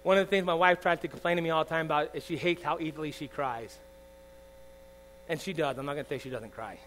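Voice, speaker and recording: A man in his forties preaching a sermon, swinging from loud emphatic lines to soft confiding asides, often asking the congregation "all right?". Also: on the high side, quick pace, low-quality recording. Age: 40s. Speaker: pastor. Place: church. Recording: faint mains hum.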